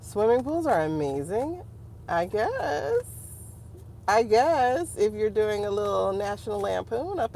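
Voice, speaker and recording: A woman's voice: fairly high pitch, a little hiss or hum. A woman hosting a casual livestream as a tarot reader, chatting to her viewers and laughing often. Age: adult. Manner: chatty, animated, laughs often, talks to the chat.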